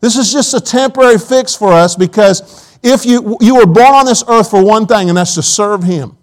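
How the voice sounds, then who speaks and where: Male preacher, high voice, folksy anecdotes, church sermon. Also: normal speed, rough recording. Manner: folksy storytelling with quoted asides. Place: church auditorium.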